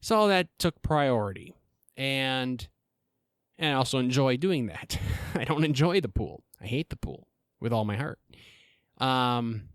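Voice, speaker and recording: A man's voice: medium pitch, fairly bright tone, smooth, no echo, clean studio sound. A man hosting a casual solo podcast, rambling and joking with plenty of profanity and restarts. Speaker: podcast host.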